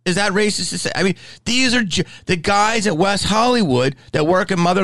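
A man's voice: high-pitched, expressive, a little fast, hardly any pauses, a bit bright, no room sound, low-quality recording. A middle-aged man in casual chat, rambling and profane, with many restarts.

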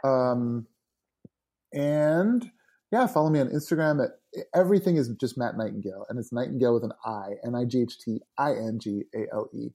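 A man's voice: medium pitch, a little fast, mellow. A middle-aged man, a worship leader and podcast guest, talking earnestly and enthusiastically in casual interview chat.

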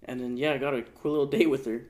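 Male podcast co-host, relaxed and laid-back, brief replies. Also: mid-range voice, fast. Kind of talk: casual chat.

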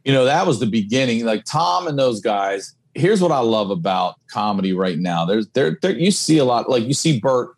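A man's voice: mid-range voice, moderate pace, few pauses. A man, a comedian guest on a podcast, chatting casually and telling stories with plenty of swearing. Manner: storytelling, swearing freely, animated quotes.

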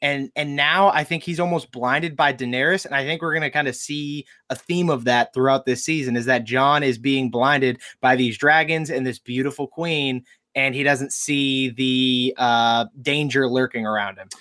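A man's voice: medium pitch, steady tone, moderate pace, bright, forceful tone, no room sound, clean studio sound. A young adult man chatting casually as a podcast co-host, enthusiastic and laughing often as he quotes characters. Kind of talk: casual chat.

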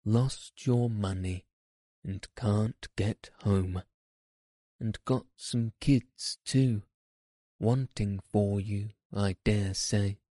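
Burly kind-hearted engine driver, folksy and reflective, voiced by a man, low and unhurried. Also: fairly even intonation, warm tone, dry recording, clean studio sound. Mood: kindly. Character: burly kindly male engine driver, plain-spoken.

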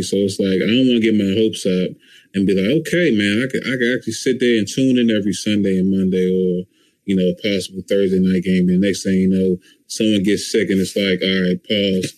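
A man's voice: low voice, a little mellow, no room sound, low-quality recording. A man from Maryland with a slight country accent, chatting casually as a podcast host, rambling with lots of fillers. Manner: laid-back, rambling with fillers. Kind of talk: casual chat.

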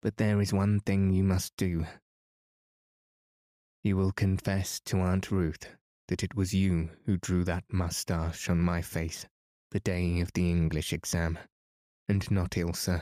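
Lofty, stern young heroine, read by a man in a dry, mellow voice. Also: low voice, flat delivery, slow, dry recording. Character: proud, stern teenage girl.

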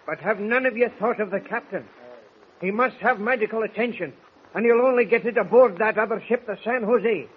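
A man's voice: sits high, fairly quick, lightly acted. A man playing an old Scottish sailor, lo-fi radio. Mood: pleading. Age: older. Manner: earnest, pleading. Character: stubborn old Scottish sailor, loyal to captain. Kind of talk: 1940s radio drama acting. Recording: lo-fi old radio transcription with hiss.

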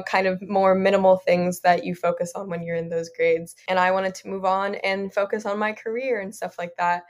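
A young adult woman, a podcast guest, talking in an earnest, rambling way with frequent "like" and "you know". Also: medium pitch. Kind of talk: casual interview chat.

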